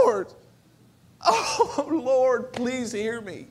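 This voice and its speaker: A male pastor with a notably high voice delivers a passionate sermon at an unhurried pace. He swings from shouted cries to hushed whispers and leans on repetition. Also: animated. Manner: repeats phrases for emphasis.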